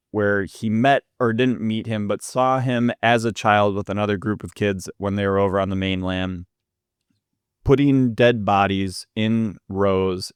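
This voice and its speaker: A man's voice: on the low side, clean tone, no room sound, clean studio sound. A man co-hosting a podcast, casually recapping a film's plot with frequent fillers. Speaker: podcast co-host. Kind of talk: casual film review chat.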